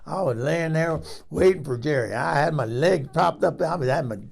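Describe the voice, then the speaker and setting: A man's voice: fairly high pitch, normal speed, creaky. A man playing a frank older woman who rambles through a comic story and laughs at herself. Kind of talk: comic character monologue.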